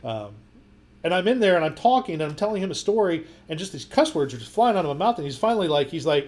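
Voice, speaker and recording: A man co-hosting a podcast, telling stories in a rambling, animated way with lots of repeated words. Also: fairly high pitch, quick pace. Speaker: podcast co-host. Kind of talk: casual chat.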